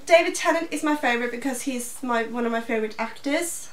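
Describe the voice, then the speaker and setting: High-voiced young Norwegian woman. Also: fast talker, a bit bright. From Norway. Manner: laid-back, giggly answers. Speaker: co-host. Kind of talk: casual Q&A chat. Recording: echoey room, off-mic.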